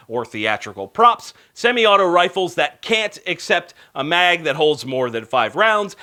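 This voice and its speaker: Bright-voiced, sarcastic male news host. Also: fairly high pitch. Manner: sarcastic, wisecracking; indignant rants. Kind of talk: scripted news commentary.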